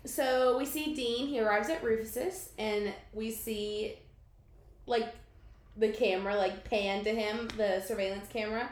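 High-pitched woman recapping a scene. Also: steady tone, a little slow. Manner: rambling, filler-heavy recap. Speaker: podcast co-host. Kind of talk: casual episode recap chat. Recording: roomy echo, faint background noise.

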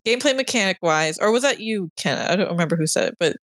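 Lively woman chatting casually, dry room. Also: medium pitch, fast, dry recording. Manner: chatty, restarts often, laughs a lot. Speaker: podcast co-host. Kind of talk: casual brainstorming chat.

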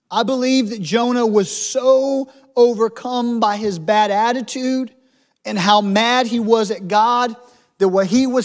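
A man preaching a sermon as a pastor, in a conversational way with humorous asides. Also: high voice.

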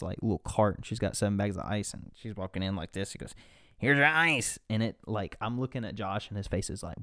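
A man's voice: on the low side, a little mellow, dry recording, clean studio sound. A man telling a rambling story in casual podcast chat, full of "like"s. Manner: rambling, laid-back storyteller with many "like"s.

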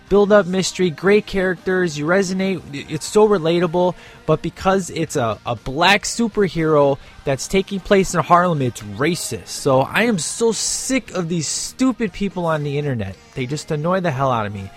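A man from the United States hosts his own podcast, talking casually and with emphasis about a TV show he loves. His voice sits a little high for a man, and he drives every point home. Faint music hums under him. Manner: animated, emphatic, ranting. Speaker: podcast host. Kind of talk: casual show review and rant.

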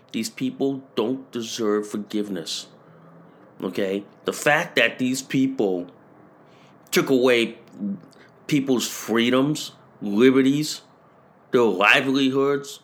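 A man hosting a podcast, ranting and hammering the same phrases over and over, rising to shouted peaks. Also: mid-range voice. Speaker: podcast host. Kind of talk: political rant.

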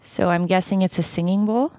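Chatty woman with a lowish voice. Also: fairly even intonation, fairly quick, darkish tone, no room sound, clean studio sound. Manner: playful, laughs often, asks lots of questions. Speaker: podcast co-host. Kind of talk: casual chat.

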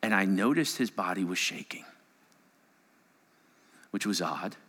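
Animated pastor preaching in a reverberant hall. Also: male voice, sits low, unhurried. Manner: storytelling with big swings between hushed and raised passages. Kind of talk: sermon.

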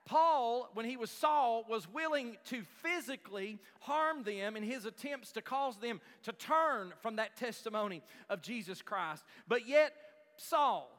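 A man's voice: extremely high pitch, lively intonation, measured pace, fairly bright tone, in a large hall. A male pastor preaching a sermon in a church, impassioned and repeating lines for emphasis. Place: church sanctuary.

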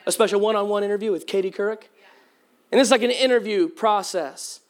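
His high-pitched voice moves a little fast as he preaches, livening up the sermon with comic stories for his congregation. At times the pastor's voice cracks.

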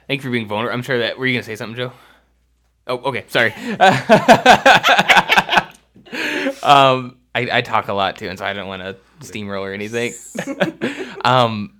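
A man's voice: mid-range voice, very animated, moderate pace. Rambling, laughing male interviewer. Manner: warm, rambling questions with self-corrections and laughs. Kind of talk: conversational interview.

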